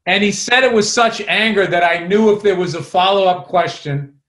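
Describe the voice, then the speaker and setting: A man co-hosting a podcast, telling comedy club stories in a profane, animated way. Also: sits high, moderate pace, reverberant. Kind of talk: casual storytelling chat.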